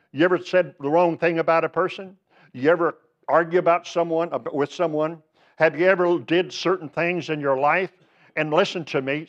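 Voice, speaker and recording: A man preaching a sermon in a fairly high voice, pressing his points with repeated phrases and direct calls to listen. The recording sounds dull and lo-fi, like a church tape. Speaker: pastor.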